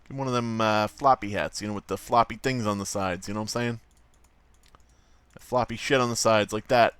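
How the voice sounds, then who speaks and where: A man's voice: lowish voice, steady tone, brisk, a bit bright, smooth, no room sound. A man casually commenting on his livestream while drawing, rambling, joking and swearing a lot. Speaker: streamer.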